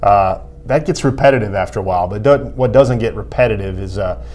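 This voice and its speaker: A man's voice: fairly low pitch, fairly quick, a little mellow. A man who reports on college football recruiting, explaining his views in a thoughtful way with frequent fillers. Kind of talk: sports talk analysis.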